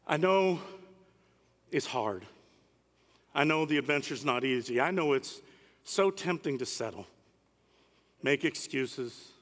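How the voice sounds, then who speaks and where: A man's voice: mid-range voice, lively intonation, takes it slowly, long pauses. A man preaching a sermon, fervent and emphatic, in a large conference hall. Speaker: pastor.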